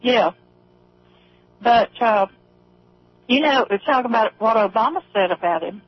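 A woman's voice: on the high side, animated, a little slow, breathy edge, no room sound. A woman calling in to a radio show, chatting about politics and laughing often. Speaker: caller. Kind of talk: phone-in chat. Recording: muffled lo-fi phone-in line.

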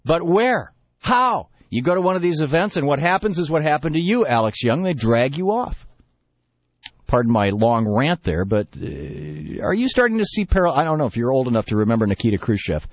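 A man's voice: on the high side, sing-song, brisk, no room sound, dull audio. A man hosting a radio talk show, telling a long story and then ranting emphatically about politics. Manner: rambling storyteller, building to emphatic rant. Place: radio studio.

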